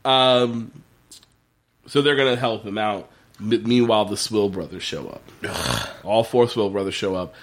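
A man in casual podcast chat, recapping a TV episode in an animated way with plenty of fillers and swearing. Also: fairly low pitch, a little slow, long pauses. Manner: animated, profane, lots of fillers. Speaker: podcast co-host.

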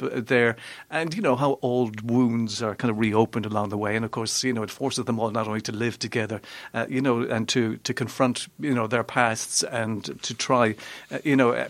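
A man's voice: medium pitch, no room sound. A man with an Irish accent giving a casual, rambling film review on a radio show, full of little asides. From Ireland. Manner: chatty and rambling, full of "you know". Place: radio studio.

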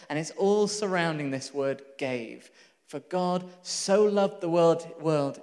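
Animated male preacher in a reverberant hall. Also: fairly high pitch. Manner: animated storytelling with laughs and asides. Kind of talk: sermon.

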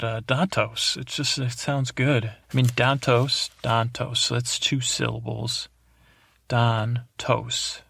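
A man hosting a sleep podcast meanders through an episode recap, dropping drowsy, self-deprecating asides. His medium-pitched voice is fairly bright with some vocal fry.

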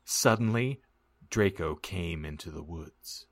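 A man hosting a comedy podcast, reading fan fiction aloud in a dry, deadpan manner. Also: deep voice, slow, no echo.

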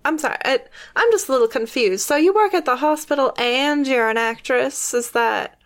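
A woman's voice: high-pitched, normal speed. A woman voicing a dazed young woman who rambles in a flustered way. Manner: flustered and rambling, laughs often.

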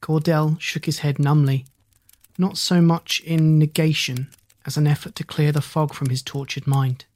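A man reading a hard-boiled crime story aloud in a measured storytelling voice. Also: a little high, fairly even intonation, a little mellow. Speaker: narrator. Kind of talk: audiobook narration.

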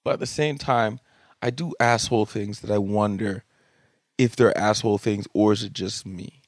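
A young adult man hosting a podcast, telling comic stories about his kids in an animated, jokey way and swearing casually. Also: lowish voice, normal speed, dry recording, clean studio sound. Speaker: podcast host. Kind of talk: comedic storytelling monologue. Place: home studio room.

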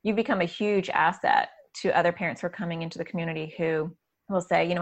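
A woman's voice: lowish voice, steady tone, quick pace. A woman in her thirties hosting a casual podcast conversation, chatty and upbeat, with plenty of fillers and laughter. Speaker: podcast host and community organizer.

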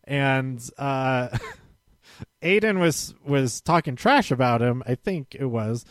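A man's voice: mid-range voice, animated, slow pace, no echo. Rambling man with a dry sound. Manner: rambling, self-correcting, chuckling. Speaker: show recap host. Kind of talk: casual spoken recap.

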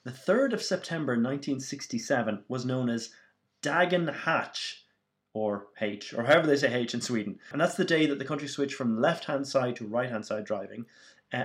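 A man's voice: medium pitch, animated, fairly quick. Upbeat man presenting a quiz. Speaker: podcast producer.

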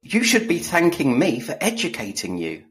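A man's voice: mid-range voice, huge pitch swings, moderate pace, a bit bright. A man co-hosting a podcast, chatting casually and telling stories with dry, self-mocking humor. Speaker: podcast co-host. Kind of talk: casual chat.

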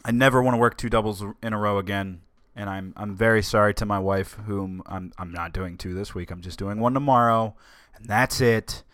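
An American man talks through his solo podcast in a loose, rambling way, tripping over words and starting sentences again. His voice sits a little low. The recording is dry and close, with no room sound. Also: steady tone, fairly quick, hardly any pauses, fairly bright tone, smooth, no echo. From United States. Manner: rambling, stumbles and restarts often. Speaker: podcast host. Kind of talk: casual solo podcast chat.

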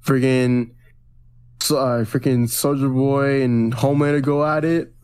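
A man in the middle of a casual podcast chat, talking through a TV episode at a mid pitch. He rambles, restarts his sentences, and drops into quick quoted lines from the show. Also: level tone, darkish tone, clear, resonant tone. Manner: rambling recaps with many restarts and acted-out quotes. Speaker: podcast co-host.

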